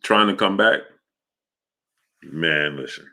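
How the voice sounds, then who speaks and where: A deep-voiced man, hosting a live sports show. His tone is bright and forceful. He rambles casually and greets chat viewers one by one. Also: slow pace. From New York. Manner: rambling, greets chat viewers by name, many filler sounds.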